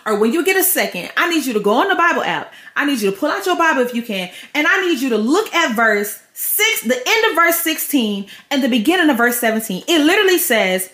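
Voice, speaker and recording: A woman's voice: sits high, very animated, fast talker, few pauses, a bit bright. A woman podcast host preaching a devotional message with fervent energy, speaking directly to her listeners. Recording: echoey room.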